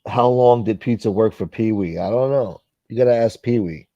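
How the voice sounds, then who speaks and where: A man's voice: on the low side, moderate pace, mellow, dry recording, muffled recording. A man hosting a casual livestream, reading viewer comments in a blunt, profane, rambling way. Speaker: livestream host.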